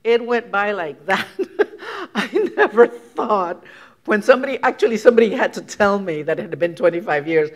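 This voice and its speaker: An older woman from Puerto Rico speaks in a mid-pitched voice, giving a conversational talk to an audience as a guest author. She reflects as she goes, laughs often and restarts her sentences with fillers. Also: fast, hardly any pauses. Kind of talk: conversational lecture.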